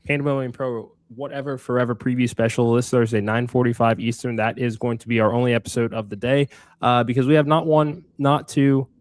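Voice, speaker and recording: A man's voice: medium pitch, a little fast, dry recording. Podcast guy co-hosting, chatty and hyped, swears a bit, dry close mic. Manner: energetic, swears casually, many fillers. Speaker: podcast co-host. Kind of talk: casual podcast chat.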